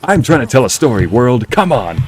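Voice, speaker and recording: A man's voice: medium pitch, big pitch swings, a little fast, slight background noise. A man streaming a game, telling a long rambling story with frequent laughs while muttering at the game. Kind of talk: casual chat while playing a game.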